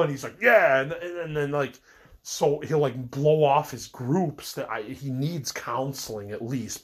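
A man's voice: medium pitch, husky. A middle-aged man with a cold, rambling and venting his frustrations in a casual personal monologue, full of fillers and restarts. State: sick with a cold. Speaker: podcast host.

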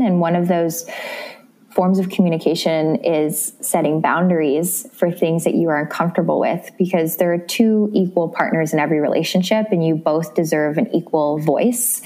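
A young woman talks as an interview guest, chatty and bubbly in a lower register. When she quotes someone she jumps high in pitch, then settles back into easy conversation. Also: mellow. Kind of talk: casual interview chat.

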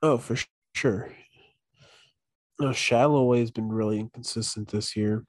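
A man's voice: mid-range voice, fairly even intonation, a little slow, darkish tone, no room sound, studio quality. A man co-hosting a casual sports chat, laid-back and matter-of-fact.

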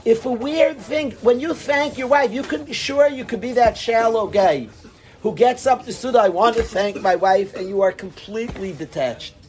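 A man with a high voice teaches a casual Torah class, bubbling with enthusiasm. His pitch jumps around a lot, and he drops Yiddish and Hebrew words into his English. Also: lively intonation, normal speed, a little mellow.

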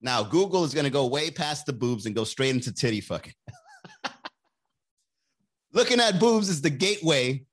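A man's voice: mid-range voice, very animated, normal speed, long pauses, fairly bright tone. A man ranting casually and comedically as a podcast host, loose and slangy, swearing and laughing at his own jokes. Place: Miami area.

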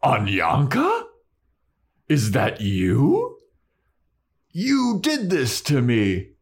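A man voicing a huge, hungry, centuries-old male troll who speaks slowly and formally. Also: mid-range voice, huge pitch swings, slightly rough, voice pushed up, full character voice. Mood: accusing. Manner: slow, drawn-out, formal speech.

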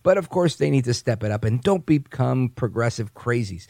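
A man hosting an opinionated talk radio show, animated and mocking, often restarting his sentences. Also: medium pitch, normal speed, vocal fry, no room sound, studio quality.

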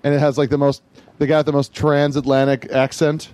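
A man's voice: mid-range voice, level tone, fairly quick, a little mellow. A man hosting a casual group chat, chatty and giggly, who keeps steering the talk. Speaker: podcast host.

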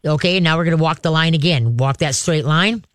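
A man training an owner in dog recall, talking casually and breaking into high, excited calls as he shows how to call the dog. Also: brisk, no room sound, studio quality. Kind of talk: casual hands-on instruction.

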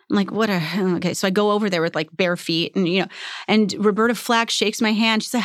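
A woman's voice: mid-range voice, quick pace, no room sound, clean studio sound. A woman in her forties, a guest telling stories in casual conversation, chatty with many fillers, acting out the voices she quotes. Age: 40s.

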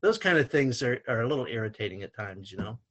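An older man, a retired basketball coach, telling stories in a relaxed conversation. He gets animated and his voice rises as he relives heated moments on the court. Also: medium pitch, quick pace. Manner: animated anecdotes, voice rising when retelling shouting. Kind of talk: storytelling in conversation.

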